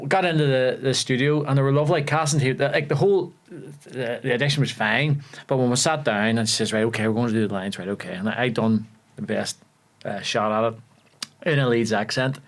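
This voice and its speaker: A young man with a Belfast accent, an actor telling animated stories on a podcast and laughing often. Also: mid-range voice, a little fast. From Northern Ireland. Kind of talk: casual storytelling chat. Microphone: podcast studio mic.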